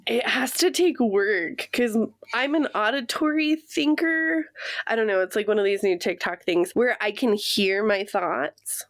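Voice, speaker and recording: An American woman co-hosting a podcast from her room at home, chatty and quick to laugh. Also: a little high, no echo, clean studio sound. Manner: chatty, laughs often, enthusiastic. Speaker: podcast co-host. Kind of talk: casual chat.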